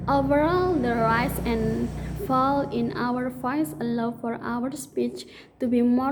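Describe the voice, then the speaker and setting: A young woman student reading her prepared exam answers aloud, halting and restarting words in places. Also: high voice, darkish tone, a little hiss or hum, rough recording. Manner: halting, restarts words, non-native English phrasing. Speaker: student answering test questions.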